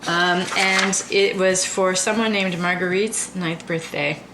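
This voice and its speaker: A woman's voice: lowish voice, fairly even intonation, takes it slowly, background noise. A woman hosting a home cooking video, chatting in a giggly, upbeat way. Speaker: home cooking vlog host. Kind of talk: casual chat while cooking. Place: home kitchen. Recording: echoey kitchen with clattering dishes.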